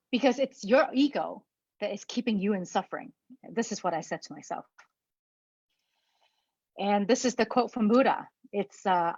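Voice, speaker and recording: A woman giving a personal talk, halting and repeating words, holding back tears. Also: medium pitch, a little mellow, no room sound, highs cut off. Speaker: speaker.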